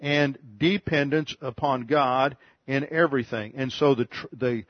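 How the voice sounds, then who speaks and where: A man's voice: medium pitch, steady tone, unhurried, muffled recording. A man preaching an expository Bible sermon, earnest and methodical, repeating phrases for emphasis. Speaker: pastor.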